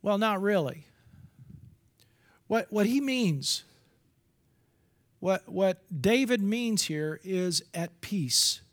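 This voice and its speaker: A man's voice: high-pitched, lively intonation, extremely slow, long pauses. A middle-aged man giving a candid, confessional sermon as a preacher, with restarts and asides.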